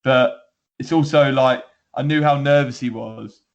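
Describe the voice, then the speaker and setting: A man's voice: mid-range voice, fairly even intonation, unhurried, gravelly, lo-fi sound. A man co-hosting a football podcast, talking in a rambling, laughing way with lots of restarts. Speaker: podcast co-host. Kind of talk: casual chat.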